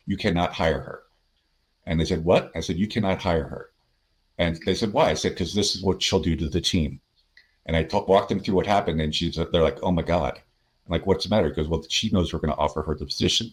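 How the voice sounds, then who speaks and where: A man, a podcast guest and sales consultant, telling workplace anecdotes in a conversational way and acting out the people he quotes. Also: low-pitched. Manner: animated anecdotes, acts out quoted voices. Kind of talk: conversational storytelling.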